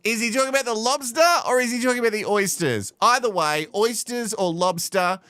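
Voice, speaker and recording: A man's voice: high voice, brisk, bright, forceful tone, clean tone, no room sound. A man from Australia hosting a live show from home in playful, teasing casual commentary. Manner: chatty, playful, teasing, laughs often. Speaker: host.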